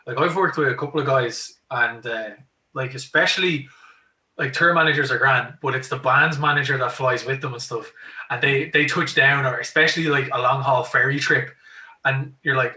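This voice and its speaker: A man's voice: medium pitch, fairly even intonation, moderate pace, sharp tone. Chatty Irish man in an echoey room. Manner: chatty, laughs often, acts out quotes. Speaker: podcast host. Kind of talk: casual chat, telling stories. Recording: echoey room, mic at a distance.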